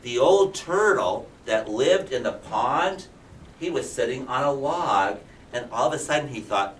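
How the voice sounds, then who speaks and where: A man's voice: mid-range voice, lively intonation, measured pace, a little hiss or hum. A male kindergarten teacher animatedly telling a picture-book story to young children, often asking them questions. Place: classroom. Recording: roomy classroom from a distance.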